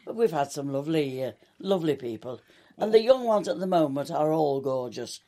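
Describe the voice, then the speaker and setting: A woman's voice: low voice, lively intonation, a little fast, warm tone. An older woman, a long-serving soap actress, chatting through anecdotes in an interview and acting out quoted dialogue. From England. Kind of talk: reminiscing interview.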